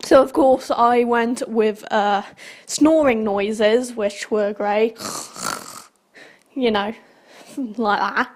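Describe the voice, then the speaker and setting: A woman's voice: on the high side, drawn-out words, long pauses. A young woman hosting a channel, telling a rambling story in casual chat and laughing often as she talks. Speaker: channel host.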